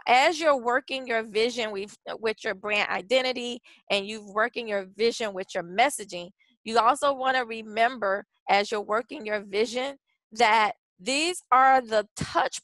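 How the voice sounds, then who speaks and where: A woman's voice: a little high, sharp tone, no echo, low-quality recording. A woman presenting a branding workshop in a chatty, casual way, with frequent restarts and fillers. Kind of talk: casual webinar teaching.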